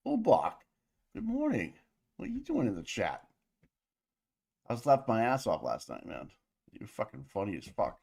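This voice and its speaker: A man's voice: mid-range voice, wildly swooping pitch, normal speed, vocal fry, pauses often, a little mellow, slightly rough. A man co-hosting a livestream in casual, profane, rambling chat with his viewers. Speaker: livestream co-host.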